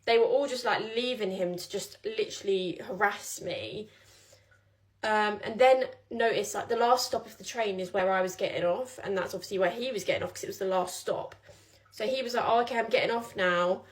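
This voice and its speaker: A woman's voice: mid-range voice, moderate pace. A young woman telling a personal story in a casual vlog, chatty and rambling with many fillers.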